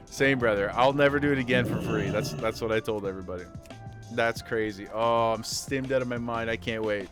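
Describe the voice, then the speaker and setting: A man streaming casually, chatting loosely and getting excited, swearing freely and repeating himself. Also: medium pitch, fairly quick, music in the background. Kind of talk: casual livestream chat.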